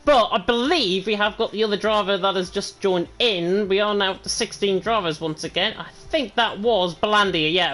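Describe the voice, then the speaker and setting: A man's voice: high-pitched, a bit bright. A man with a northern English accent, commentating live before an esports race, fluent and leaning on "of course". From northern England.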